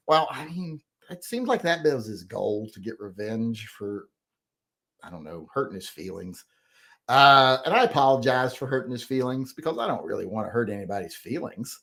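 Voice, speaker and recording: A middle-aged man talks through a loose livestream chat in a rambling, profane, grumbling way. His pitch swings up and down a lot as he goes. He sounds defensive about his critics. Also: very animated, moderate pace, bright, forceful tone. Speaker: host.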